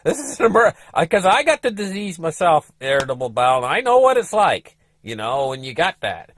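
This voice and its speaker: A man's voice: a little high, sing-song, fairly quick, fairly bright tone, slight background noise. A man who is a travel vlogger, telling a story in a casual, folksy, rambling way with restarts and asides to the viewers.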